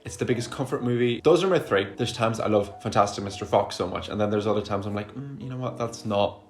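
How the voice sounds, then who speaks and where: Over soft background music, a low-voiced vlogger in his 20s, Russian by first language, talks fast and enthusiastically in a casual Q&A to camera. He's chatty, swears often, and films himself on a camera he set up.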